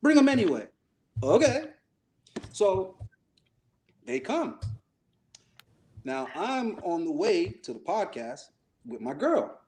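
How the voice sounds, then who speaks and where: A man's voice: high voice, very animated, slow, pauses often, a little mellow. A man co-hosting a podcast, telling a story in casual chat, acting out the voices he quotes and swearing freely. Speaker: podcast co-host.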